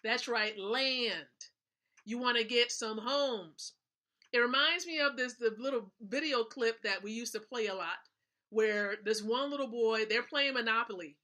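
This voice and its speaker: A woman's voice: a little high, a little slow, sharp tone. A woman hosting a live stream, giving a motivational business talk in an emphatic way, repeating her points and checking in with her listeners. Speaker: livestream host.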